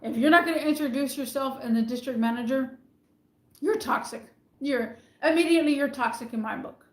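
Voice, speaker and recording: A woman's voice: high voice, fairly quick. Indignant woman ranting in an echoey room. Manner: emphatic and indignant, repeats points. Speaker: retail worker venting about managers. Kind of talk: casual vlog rant to camera.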